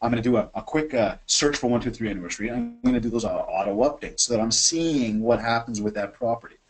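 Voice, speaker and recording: A man hosting a webinar from his office, coaching sales in an energetic, chatty way and acting out phone calls. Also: medium pitch, quick pace, low-quality recording. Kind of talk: animated software demo and sales coaching.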